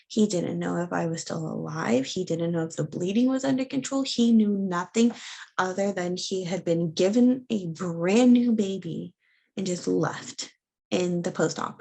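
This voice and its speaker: Young woman, interview guest, gravelly edge, halting personal storytelling with lots of ums. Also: fairly low pitch, a little mellow. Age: young adult. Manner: halting, many fillers and restarts. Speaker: interview guest sharing her birth story.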